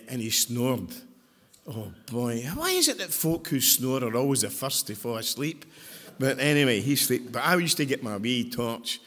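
A man's voice: medium pitch, a bit bright. An older man with a Scottish accent, talking to a congregation in a chatty, joking way and asking the audience questions. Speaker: speaker at a church service. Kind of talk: storytelling talk to a congregation. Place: large church hall. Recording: hall reverb.

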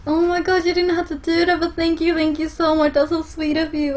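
A young woman with a Swedish accent, streaming a video game live, excitable, swearing often and laughing a lot. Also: extremely high pitch, normal speed.

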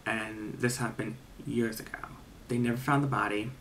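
A man's voice: medium pitch, fairly even intonation, moderate pace, a bit bright, a little hiss or hum. A man in his late twenties telling a spooky story in casual narration, rambling with lots of fillers and the odd swear word.

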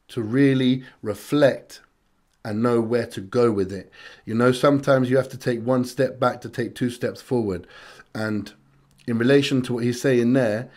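A man's voice: medium pitch, a little mellow. A British man from the UK hosting a music reaction, talking in a casual, earnest and reflective way and repeating phrases for emphasis.

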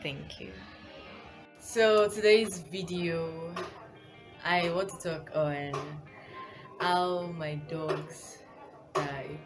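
A woman's voice: fairly low pitch, fairly even intonation, drawn-out words, long pauses. A young woman with a Nigerian accent, telling a storytime as a vlogger, rambling and correcting herself, with frequent laughs. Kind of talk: casual storytime. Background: background music.

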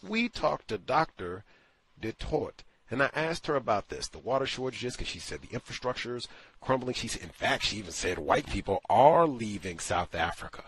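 A man's voice: mid-range voice, expressive, moderate pace, breathy edge. A man hosting a call-in talk show, speaking in an emphatic, incredulous monologue. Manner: emphatic, incredulous, acts out quotes. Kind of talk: opinionated radio monologue.

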